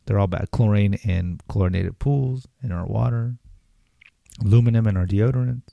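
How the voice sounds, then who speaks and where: Gravelly, low-voiced podcast host. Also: male voice, moderate pace, no echo, highs cut off. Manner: rambling, sarcastic asides, reads then riffs. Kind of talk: casual commentary on health topics.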